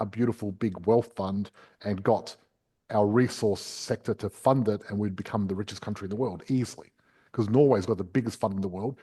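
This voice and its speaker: A man's voice: lowish voice, warm tone, breathy edge. A man hosting a property podcast, explaining investing step by step in a chatty, casual way. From Australia.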